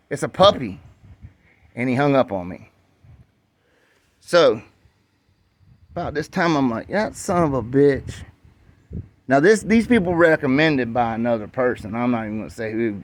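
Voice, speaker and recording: A man's voice: medium pitch, dry recording. A man with a Southern US accent telling a profane, rambling story as a dog breeder, talking bluntly in casual storytelling.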